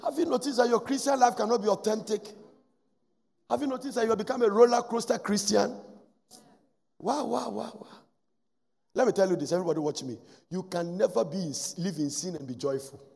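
A man preaching a sermon as pastor, swinging between loud exhortation and hushed asides. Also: sits high, fast talker, creaky. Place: church hall. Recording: echoey church hall with faint music. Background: faint music.

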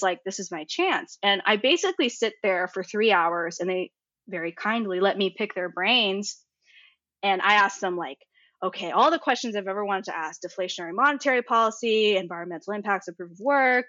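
Young woman, casual storytelling, lots of "like" and "you know", dry close sound, slightly muffled. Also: dry recording. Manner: animated, filler-heavy, acts out quoted dialogue. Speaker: guest. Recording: muffled low-fidelity audio.

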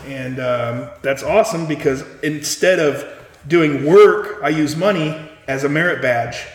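A man's voice: on the high side, unhurried, pitched below the performer's own voice. A man doing a joking impression of a boastful presidential candidate during a party game, brash and self-satisfied. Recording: echoey reverberant room, faint noise.

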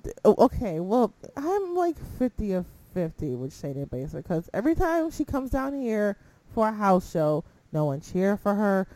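A woman co-hosting a casual wrestling chat, animated, often exclaiming and acting out her own reactions. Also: medium pitch, normal speed.

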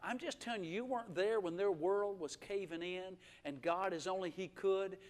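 A middle-aged man preaching a live revival sermon in a church, swinging from hushed asides to shouting, with folksy humor. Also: sits high, moderate pace. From Alabama. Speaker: guest pastor. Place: church sanctuary.

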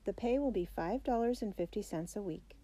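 A woman's voice: mid-range voice, fairly quick, dark tone, breathy edge. A woman reading the lines of a friendly, encouraging male traffic manager. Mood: kindly. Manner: kindly and encouraging.

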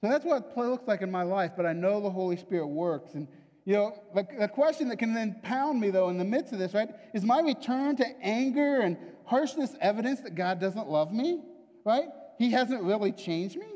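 A man's voice: high-pitched, animated, normal speed, mellow. A man preaching a sermon in a conversational, confessional way, often checking in with the listeners. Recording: long hall reverb.

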